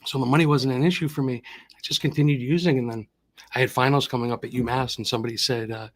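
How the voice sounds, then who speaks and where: A man's voice: medium pitch, steady tone, fast talker. A man in his thirties from Massachusetts, a podcast guest telling his personal story in an earnest, reflective way. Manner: earnest, reflective, with frequent restarts.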